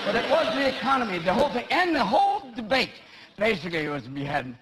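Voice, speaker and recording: A man performing a stand-up comedy set in a large theatre, with a fast, mocking delivery. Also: high-pitched, wildly swooping pitch. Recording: loud noise, live theatre.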